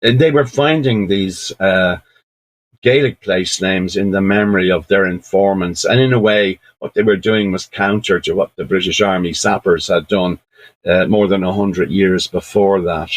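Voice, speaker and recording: An Irish man telling stories at an online session, unhurried and reflective, with friendly asides. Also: sits low. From Ireland. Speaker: storyteller. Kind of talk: storytelling talk at an online session.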